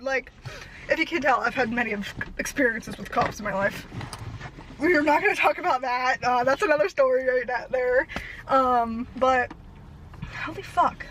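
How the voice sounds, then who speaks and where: A young woman vlogger telling a rambling story fast and out of breath, laughing at herself. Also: sits high, fairly bright tone, slight background noise, rough recording. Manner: breathless, fast-talking, self-deprecating.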